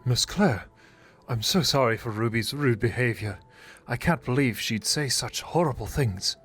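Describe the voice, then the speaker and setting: Man as shaken groom, soft and apologetic, mid pitch. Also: normal speed, soft background music, close to an everyday voice. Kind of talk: text-message drama reading.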